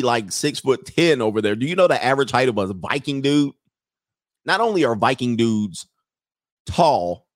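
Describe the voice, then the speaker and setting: A man's voice: medium pitch, no room sound, clean studio sound. A man, an online coach, chatting casually on a livestream in a rambling, slangy way and laughing often.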